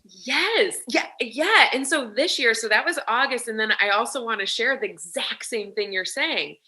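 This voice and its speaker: A woman's voice: fairly high pitch, animated, moderate pace, bright, forceful tone. A woman guest and business coach in casual interview chat, talking freely with many "like" and "you know" fillers. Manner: chatty, restarts and fills with "like" and "you know".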